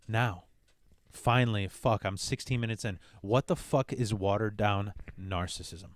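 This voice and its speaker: A man's voice: on the low side, a little slow, slight background noise. A man hosting a podcast, talking in a blunt, profane comic monologue. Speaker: podcast host. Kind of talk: casual comedic monologue.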